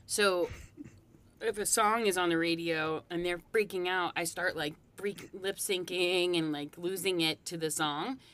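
A woman with a somewhat low voice, chatting casually as a podcast co-host. She talks about herself in a self-deprecating way, a little halting with fillers. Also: steady tone, fairly bright tone, smooth. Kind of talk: casual chat.

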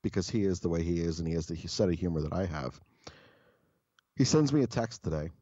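A man with a very deep, husky voice swaps stories on a podcast, blunt and full of swearing. The sound is dry and a bit dull, as if close to a modest mic. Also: animated, brisk, dark tone, no echo. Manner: profane, blunt and joking. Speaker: podcast co-host. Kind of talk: casual storytelling chat.

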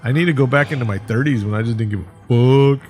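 A man in his forties, a podcast co-host who tells stories in casual movie chat, animated and profane. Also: mid-range voice, quick pace, over loud music.

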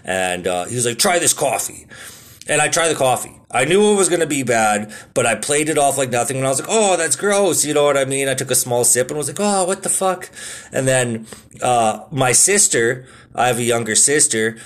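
A man's voice: medium pitch, brisk. A man in his thirties telling stories in a casual, rambling monologue, full of swearing and filler words. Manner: laid-back, swears a lot, lots of filler words.

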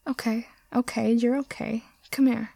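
A woman voicing a gentle teenage boy who speaks softly and reassuringly. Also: fairly high pitch, steady tone, normal speed, vocal fry, dry recording, clean studio sound. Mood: soothing. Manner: soft, soothing, reassuring.

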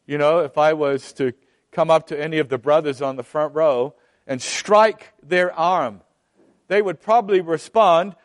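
A man preaching a sermon, emphatic and deliberate, often repeating phrases for weight. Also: a little high, fairly even intonation.

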